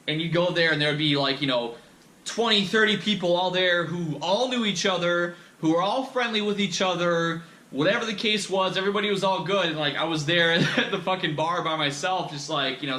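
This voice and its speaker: A man's voice: fairly high pitch, sharp tone, slight background noise. A young man hosting a podcast, telling a candid personal story in a rambling, profane way full of fillers and restarts. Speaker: podcast host. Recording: echoey room.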